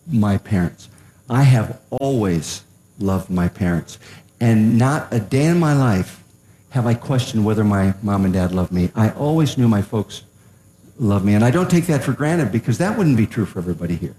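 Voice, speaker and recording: An older man telling a humorous family story to a live audience, chatty with pauses and restarts. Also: fairly low pitch, mellow. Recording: roomy echo.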